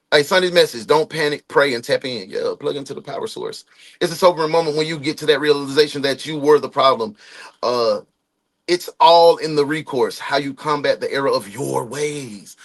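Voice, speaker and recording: A man in his forties hosting a casual livestream, greeting viewers by name and giving loose, slangy motivational talk. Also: a little high. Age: 40s. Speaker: livestream host.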